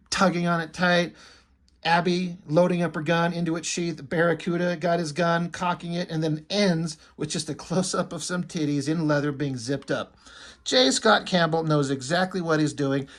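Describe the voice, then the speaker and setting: A man rambling casually through a comic book review, enthusiastic and profane. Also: on the high side.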